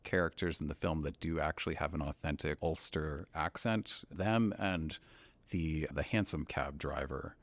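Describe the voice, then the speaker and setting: A man from Pennsylvania with a very low voice joins a casual film podcast as a guest. He adds facts and quick jokes, and his voice sounds close and dry, with no room around it. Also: dry recording. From Pennsylvania, USA. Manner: adds facts and quips, laughs often.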